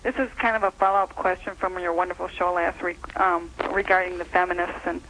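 A woman's voice: on the low side, little pitch movement, fairly quick, noisy background. Rambling female caller from Minnesota. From Minnesota, USA. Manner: gushing, rambling, hesitant with many ums. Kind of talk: phone-in question. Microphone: telephone line.

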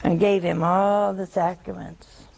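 A woman's voice: lowish voice, level tone, a little slow, gravelly, darkish tone, poor audio. A woman preaching a sermon in a folksy, teasing way, often asking her listeners questions.

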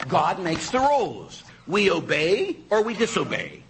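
A man, a priest, preaching a sermon in an animated way, full of rhetorical questions and quick asides. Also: sits high, creaky, a little hiss or hum, poor audio. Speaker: Catholic priest.

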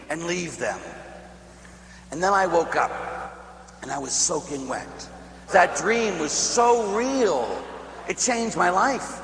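A priest from Pittsburgh telling a story in a sermon, animated and often laughing, tossing out "huh?" to the listeners. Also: male voice, high voice, moderate pace. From Pittsburgh, USA. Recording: echoey hall, faint hum.

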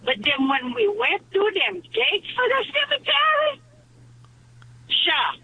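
A man with a thick Cajun accent, calling in to tell a joke as a slow, drawling storyteller. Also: very high-pitched, huge pitch swings. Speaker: caller. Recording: phone line with faint hiss.

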